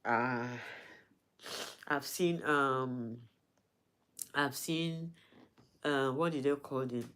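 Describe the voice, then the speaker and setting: A woman's voice: extremely low pitch, a bit bright. Lady vlogging, tired and in pain, keeps restarting her sentences. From Nigeria. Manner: halting and emotional, with frequent restarts. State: in pain and weak from not eating. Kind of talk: personal vlog confession.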